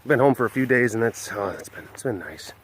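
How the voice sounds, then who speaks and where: Man, vlog host, outdoors, rambling, filler-heavy, restarts, mid pitch. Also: expressive, quick pace, breathy edge. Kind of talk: casual walk-around webcast. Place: outdoor wild animal facility.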